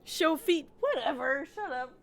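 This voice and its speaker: A woman streamer chatting casually while she games at home, blunt and quick to laugh. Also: sits high, animated, a bit bright. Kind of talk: casual live-stream chat while gaming.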